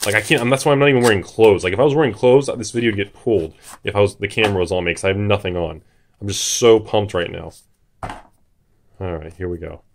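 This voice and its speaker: A man hosting a card-opening video, talking in a hyped, jittery way and shouting at big pulls. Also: fairly low pitch, quick pace, a little hiss or hum. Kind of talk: excited casual commentary.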